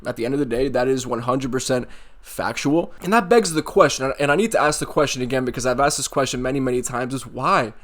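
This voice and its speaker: A man's voice: medium pitch, fast, fairly bright tone. A man hosting a casual MMA commentary video, mocking and sarcastic, swearing freely.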